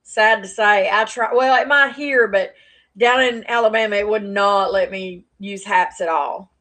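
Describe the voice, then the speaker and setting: A woman's voice: mid-range voice, measured pace, fairly bright tone. A woman chatting animatedly on a casual live stream, rambling with lots of fillers, into a plugged-in external mic. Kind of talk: casual livestream chat to viewers. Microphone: plugged-in external mic on phone stream.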